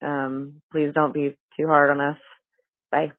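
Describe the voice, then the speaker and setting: A woman's voice: low-pitched, level tone, a little slow, no echo. A woman leaving a voicemail for a sports podcast, hesitant and full of ums. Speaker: voicemail caller. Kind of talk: voicemail message. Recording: tinny phone line.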